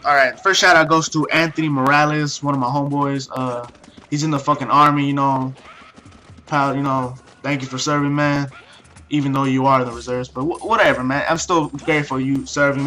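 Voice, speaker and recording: Teenage guy with a bright voice. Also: mid-range voice, slight background noise. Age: late teens. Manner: heavy swearing, many fillers and restarts. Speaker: vlogger. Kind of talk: profane casual storytelling.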